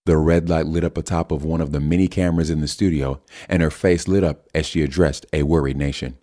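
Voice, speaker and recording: A male narrator reads the story in a steady, measured way. His voice sits low and dark, mellow rather than bright. The delivery is unhurried and plain. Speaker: audiobook narrator. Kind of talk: scripted audiobook narration.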